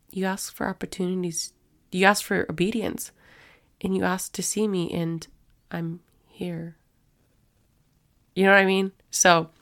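A woman's voice: on the low side, a bit bright. A woman hosting a faith-based podcast, talking in a chatty, rambling way and acting out little quoted voices as she goes. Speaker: podcast host.

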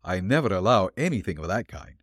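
A man voicing a shrewd, courteous detective who speaks calmly, firmly and politely, read for a storybook. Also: low-pitched, a little fast, slightly rough, no echo, clean studio sound, exaggerated voice. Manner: calm, firm and polite.

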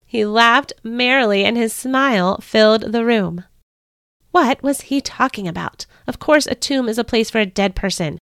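A woman hosting a devotional podcast, reading a first-person story in an earnest, measured way. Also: a little high, creaky, fairly bright tone, dry recording, studio quality.

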